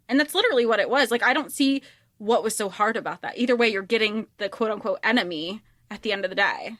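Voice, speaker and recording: A woman's voice: mid-range voice, fast, fairly bright tone, dry recording, studio quality. A woman co-hosting a podcast, talking casually and animatedly about a book, swearing freely and restarting her sentences. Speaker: podcast co-host.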